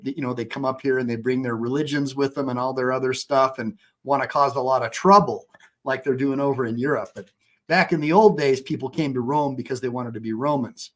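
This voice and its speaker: Rambling American lawyer hosting a livestream. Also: male voice, medium pitch. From United States. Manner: rambling, with frequent restarts. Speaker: attorney and livestream host. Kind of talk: casual livestream talk.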